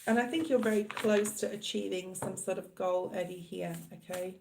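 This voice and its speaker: A woman's voice: medium pitch, steady tone, moderate pace, vocal fry, roomy sound, a little hiss or hum. A middle-aged Australian woman giving a live tarot reading, chatting and rambling casually to her viewers. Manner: chatty, rambling, laughs often, addresses viewers by name. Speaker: tarot reader.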